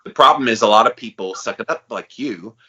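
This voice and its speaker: A man co-hosting a podcast, talking in a loose, slangy, animated way. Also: on the low side, brisk, husky, dull audio. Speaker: podcast co-host. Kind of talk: casual chat.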